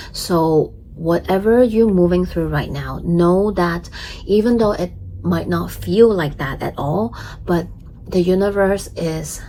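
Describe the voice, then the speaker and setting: A woman astrologer talks through a tarot reading in an unhurried, lingering way, her voice sitting a little low. She sounds gentle and chatty, scattering fillers and small giggles through her explanations. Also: a little hiss or hum, poor audio. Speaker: astrologer and tarot reader, channel host.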